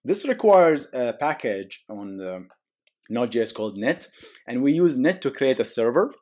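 A man's voice: medium pitch, big pitch swings, moderate pace, darkish tone. A man hosting a casual coding tutorial, walking through code on screen with jokey asides and frequent "okay?" and "guys". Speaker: programming tutorial host.

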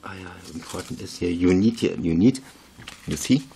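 A man's voice: low-pitched, normal speed, warm tone, a little hiss or hum. A man, chatting casually through a craft tutorial in broken English, rambling and laughing at himself. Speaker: video maker.

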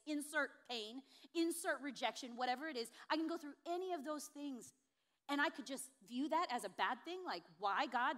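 A woman pastor preaching with a notably high voice. Her delivery is expressive, and it rises to emphatic, ringing peaks. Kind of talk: sermon.

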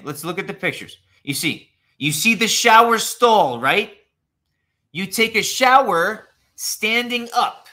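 A man teaching an English lesson online, repeating phrases slowly and answering viewers' questions from the chat. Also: high-pitched. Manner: slow, repetitive, animated teacher talk, answers chat questions.

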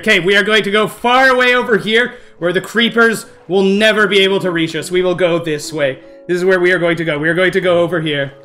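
A young man streaming a game live to his chat, excitable and jumpy, repeating himself in bursts when scared. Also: high-pitched, quick pace, hardly any pauses, soft background music. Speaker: gaming streamer. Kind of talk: live gameplay commentary.

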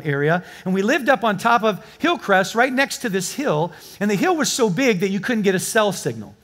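Man preaching, high-pitched, tells stories and banters with the congregation. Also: fairly bright tone. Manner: storytelling, joking with the congregation. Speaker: pastor. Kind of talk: sermon. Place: church before a live congregation.

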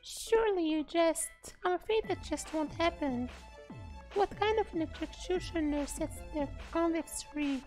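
A man's voice: very high voice, a little slow, pitched above the performer's own voice. A man voicing a sadistic female executioner from a horror game, speaking in a gloating, mock-polite way. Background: game music.

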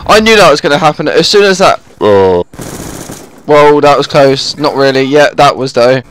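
A man's voice: on the high side, expressive, normal speed, fairly bright tone, slight background noise. A man giving live commentary over his own gameplay, easily exasperated and groaning whenever the game goes against him. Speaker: gaming channel host.

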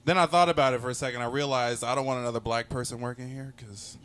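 A man's voice: medium pitch, fast. A young man doing a conversational stand-up comedy set, telling stories and acting out bits of dialogue. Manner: conversational, animated storytelling with acted-out dialogue. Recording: live show with audience laughter.

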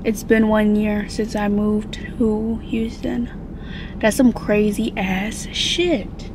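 A woman's voice: medium pitch, fairly even intonation, takes it slowly, background noise. A young woman from Milwaukee, vlogging in a chatty, upbeat way, rambling and swearing freely. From Milwaukee, Wisconsin. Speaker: vlogger and makeup artist. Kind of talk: casual vlog chat.

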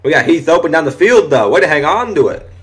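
A young man giving loose, profane live commentary over a football video game, shouting at big plays. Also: fairly high pitch, fast, soft background music. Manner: excitable, swears often, shouts at big plays. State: voice briefly giving out. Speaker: gaming commentator.

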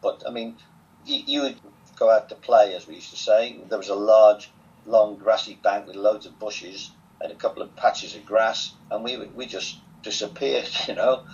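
An older man with a Southwest Lancashire accent tells stories at a relaxed pace with a dry, self-amused humour. His voice sits fairly low. The recording sounds dull and lo-fi. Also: normal speed. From England. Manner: chatty, wry, self-amused. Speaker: interview guest. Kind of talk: relaxed storytelling.

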